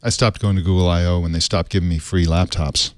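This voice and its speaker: A man with a fairly low voice co-hosts a tech podcast, tossing in dry one-liners at an easy pace. His voice is close and dry. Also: fairly even intonation, fast talker, no room sound. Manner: laid-back, dry quips and short agreements. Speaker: podcast co-host. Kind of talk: casual tech podcast chat.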